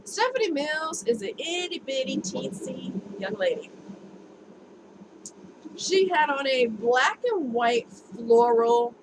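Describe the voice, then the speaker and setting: Woman vlogging at home, chatty and candid, kinda high voice, lots of background noise. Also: big pitch swings, takes it slowly. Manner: chatty, candid, laughs easily. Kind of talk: casual talk to camera. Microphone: camera mic.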